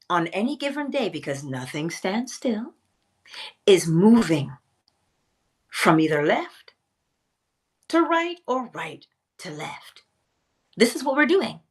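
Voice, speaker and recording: A woman teaching a spiritual lesson in a theatrical way, pausing often and dropping to a whisper for emphasis. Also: lowish voice.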